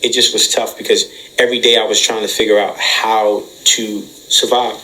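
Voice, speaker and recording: A man, an interview guest, talking casually in a halting way with many restarts. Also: lowish voice, flat delivery, bright, forceful tone, rough recording.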